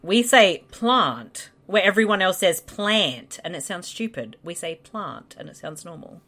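A woman's voice: lowish voice, fairly quick, fairly bright tone. A woman from South Australia with a South Australian accent, chatting bluntly and swearing freely while riffing on a movie. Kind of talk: casual movie riffing chat.

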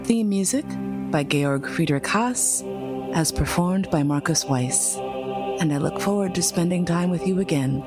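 A woman hosting her own podcast, speaking earnestly and emotionally to listeners, with frank, profane warmth. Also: fairly low pitch, lively intonation, unhurried, over music. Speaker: podcast host. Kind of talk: heartfelt solo podcast monologue.

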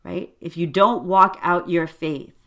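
A woman's voice: lowish voice, measured pace, a bit bright. A woman hosting a faith podcast, talking earnestly and conversationally with frequent fillers. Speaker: podcast host.

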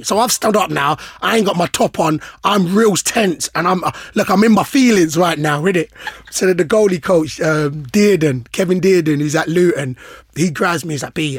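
A man's voice: high voice, slightly rough, no echo, studio quality. A man co-hosting a podcast, telling stories animatedly with street slang. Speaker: podcast co-host. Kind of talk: casual podcast chat.

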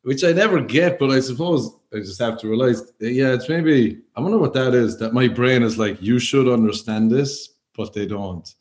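A man's voice: mid-range voice, normal speed, hardly any pauses, a little mellow. Laughing Irish man chatting. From Ireland. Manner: laughs often, easygoing anecdotes. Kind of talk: casual chat.

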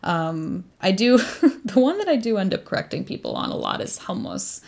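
A woman guest in casual conversation, describing dishes in an animated way and laughing often. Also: medium pitch, moderate pace, vocal fry. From United States. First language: Arabic. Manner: warm, animated food descriptions with frequent laughter. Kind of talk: casual chat.

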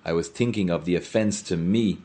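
A man voicing a gloomy young student who speaks quietly and coldly in a storybook reading. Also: sits low, fairly quick, natural voice. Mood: brooding. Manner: cold, quiet, withdrawn.

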